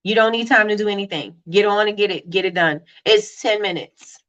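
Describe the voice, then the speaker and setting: Fast-talking woman hosting a lo-fi livestream. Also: mid-range voice. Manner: fast-talking, animated, reads out viewer comments. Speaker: livestream host. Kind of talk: casual live-stream chat.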